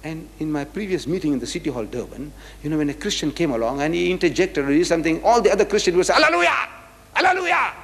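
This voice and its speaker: A man's voice: a little high, lively intonation, rapid-fire, few pauses, a little mellow. A man from Africa, giving a religious public lecture in an emphatic, rhetorical way that drives each point home with repeated questions. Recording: reverberant lecture hall recording.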